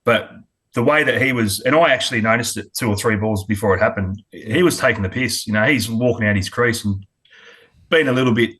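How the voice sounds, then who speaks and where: A man's voice: lowish voice, fairly quick, a bit bright, breathy edge. A middle-aged Australian man, a former cricketer, talking bluntly and candidly in a casual interview, often restarting his sentences. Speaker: former cricketer and coach, guest.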